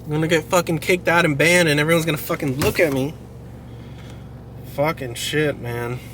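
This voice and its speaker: A young man venting angrily to the camera about a bad gym workout, swearing constantly and dropping to a low mutter, with car and street noise behind him. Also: steady tone, moderate pace, fairly bright tone. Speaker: fitness vlogger. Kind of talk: raw confessional vlog rant. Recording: clear vehicle and outdoor background noise.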